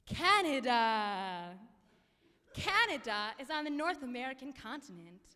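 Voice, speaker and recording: Young woman, high bright voice, deadpan comic emcee, long hall reverb. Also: normal speed. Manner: mock-serious deadpan recitation of facts. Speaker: emcee at a college a cappella concert. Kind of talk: comic scripted stage banter. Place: concert hall with a live audience.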